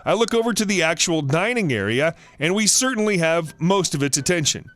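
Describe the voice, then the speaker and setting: A man narrating a reddit story in a steady storytelling voice. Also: a little high, fairly quick, faint music behind.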